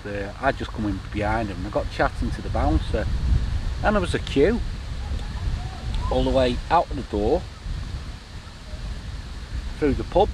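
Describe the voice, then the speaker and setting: A middle-aged man, rambling through a story while fishing, swearing freely. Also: mid-range voice. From Manchester, England. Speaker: angling vlogger. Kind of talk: casual anecdote. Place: outdoors by a lake, boat noise nearby. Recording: noisy outdoor lakeside recording.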